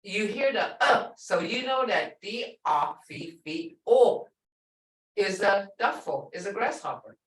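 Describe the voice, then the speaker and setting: A woman teaching a language class, repeating words slowly and quizzing her students. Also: mid-range voice, expressive. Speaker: language instructor. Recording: echoey room, distant mic.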